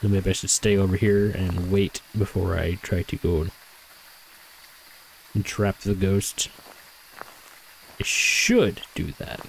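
A man with a lowish voice talks casually through his gameplay, thinking out loud and correcting himself as he goes. Now and then he speaks straight to the ghost he is hunting. A faint hiss sits under the recording. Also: little pitch movement, takes it slowly, creaky, pauses often, poor audio. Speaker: gaming streamer.

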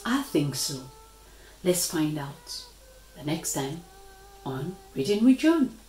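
A woman reading a storybook aloud to children in an expressive read-aloud voice. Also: deep voice, slow pace, roomy sound, a little hiss or hum, rough recording.

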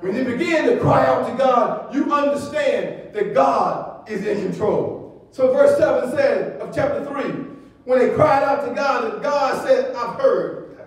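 Man, pastor, very high pitch, rhythmic shouted sermon delivery, booming reverb, mic well off. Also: unhurried. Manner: rhythmic preaching with shouted repetitions, calls for response. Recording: echoey church sound from far off.

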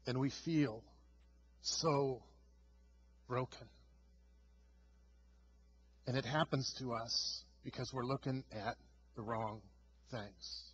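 A male pastor preaching a sermon with emphatic delivery, swinging from loud stresses to hushed lines. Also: medium pitch, fairly even intonation, takes it slowly, pauses often, husky, highs cut off.

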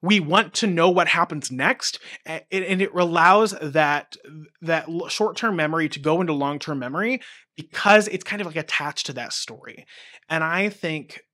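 Male music-teacher host, bright forward tone, lively storyteller. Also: fairly high pitch, normal speed. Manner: animated, acts out kid voices and chants. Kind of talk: teaching talk with acted-out story examples.

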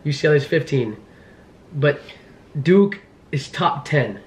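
A young man in his twenties talking fast as a vlogger, frantic and pleading with nervous laughs. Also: fairly high pitch, lively intonation, roomy sound. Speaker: vlogger, law student. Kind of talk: casual vlog talk.

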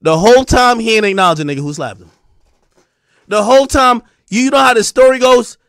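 A man giving a profane, mocking ranting commentary, animated throughout. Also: very high voice, fairly quick, no echo, clean studio sound. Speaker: online commentator.

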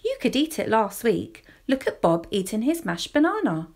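A woman voicing a patient, weary mother who scolds her small daughter calmly. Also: on the high side, moderate pace. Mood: gently scolding. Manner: calm, gently scolding.

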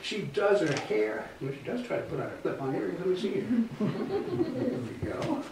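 A man's voice: high voice, wildly swooping pitch, normal speed, heavy reverb, recorded from a distance, over a noisy crowd. Folksy man telling stories on stage. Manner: easygoing, folksy and conversational. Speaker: storyteller. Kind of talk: live one-man storytelling show. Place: theater stage.

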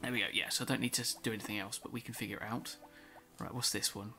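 A woman's voice: extremely low pitch, steady tone, fast, over music. A woman hosting a gameplay video, reading in-game books aloud with wry asides and mumbled self-talk. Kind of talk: casual let's-play reading in-game books.

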